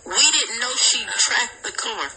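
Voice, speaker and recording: Animated high-voiced woman telling a story. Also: slow, a little hiss or hum, rough recording. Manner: animated, laughing, acts out voices. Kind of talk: storytelling chat.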